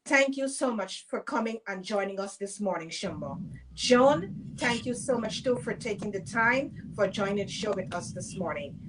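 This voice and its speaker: A woman's voice: mid-range voice, lively intonation, normal speed, distant mic, poor audio. A woman co-host on a video call wrapping up the show, thanking everyone effusively. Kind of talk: casual show wrap-up.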